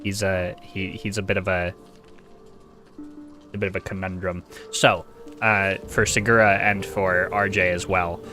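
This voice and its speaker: A man's voice: sits low, little pitch movement, measured pace, music in the background. A man streaming a video game, chatting casually with a wry, self-deprecating manner into a desk microphone.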